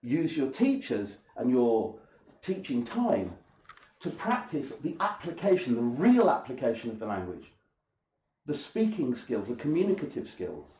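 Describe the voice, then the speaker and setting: A man giving an English-teaching lecture, with a voice that swings widely in pitch. He speaks emphatically and often repeats himself and asks rhetorical questions. The recording is echoey, like a room in a lecture hall. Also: huge pitch swings, unhurried, dark tone, lo-fi sound. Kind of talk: lecture to an audience.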